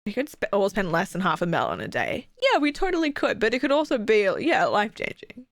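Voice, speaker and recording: A woman's voice: medium pitch, fairly quick, dry recording, clean studio sound. A young woman streaming a video game, chatting casually and animatedly with her viewers. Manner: chatty, animated, swears and laughs often. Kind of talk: casual live-stream commentary.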